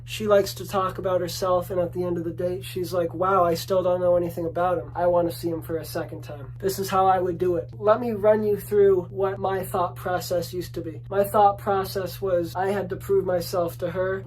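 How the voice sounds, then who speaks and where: A man's voice: slight background noise, low-quality recording. A young adult man, a dating coach, giving a solo advice monologue with emphatic, repetitive declarations. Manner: drops to low soft voice when acting out lines to a date.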